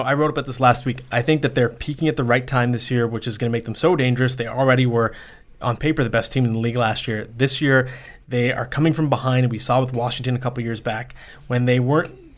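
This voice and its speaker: Man in his thirties, podcast co-host, casual sports talk, opinionated, restarts often. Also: mid-range voice. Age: 30s. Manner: opinionated, quick self-corrections.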